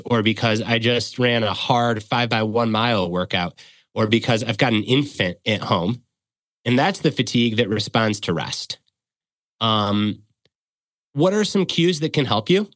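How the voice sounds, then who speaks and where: A man's voice: mid-range voice, a bit bright, no room sound. Dry, close-miked man explaining earnestly. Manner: earnest, coaching tone with practical examples. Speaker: guest expert. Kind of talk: conversational explanation.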